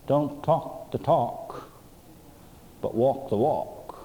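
A man preaching a sermon, reading scripture and stressing words with slow, emphatic pauses. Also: medium pitch, dark tone, slight background noise, poor audio. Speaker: pastor.

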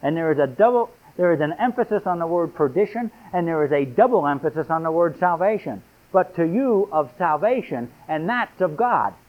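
A man's voice: a little high, expressive, a little fast, few pauses. A man preaching a sermon, reading scripture aloud with rising, emphatic delivery. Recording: tinny phone-like sound.

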